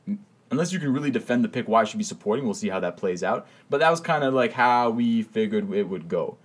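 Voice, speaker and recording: A man's voice: mid-range voice, animated. A man co-hosting a podcast from a studio, introducing guests like a boxing announcer and rattling through the rules in casual chat. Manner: hyped boxing-announcer delivery in intros, rapid rule explanations. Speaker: podcast co-host.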